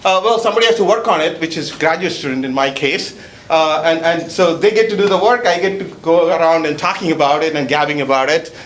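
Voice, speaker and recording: A man's voice: a little high, fast, reverberant. A man presenting research at a seminar, chatty and joking, with an accent, often adding "okay?". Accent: non-native accent. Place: seminar hall.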